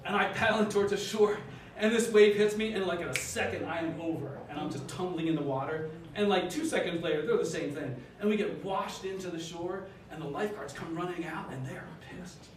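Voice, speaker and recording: A man's voice: high-pitched, brisk. Older man telling a story on stage. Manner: self-deprecating, conversational. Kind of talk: live storytelling. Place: live event hall with audience. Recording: echoey hall, distant mic, noisy.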